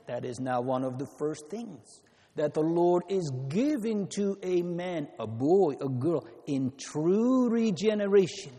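A man preaching slowly in a warm, mellow voice, pitched a little high for a man. His sermon is earnest and repetitive, with emphatic rises. Long reverb from a church hall rings around every word. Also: expressive.

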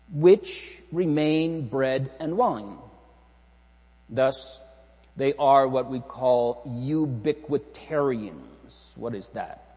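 A man's voice: on the high side, darkish tone. A man preaching a catechism sermon, emphatic and full of rhetorical questions. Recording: echoey hall with long reverb.

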